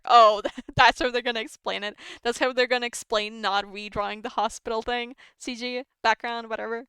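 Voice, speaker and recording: A woman streamer chatting casually while playing a game, reacting with excited gasps and exclamations. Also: a little high, a little hiss or hum. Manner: excitable, quick gasping reactions. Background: game music.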